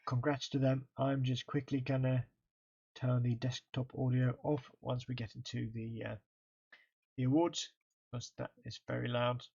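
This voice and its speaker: A man's voice: medium pitch, gravelly, darkish tone, highs cut off. A tired man, casually commenting on a college football game stream as he reads through the stats. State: tired, yawning. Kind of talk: casual let's-play commentary.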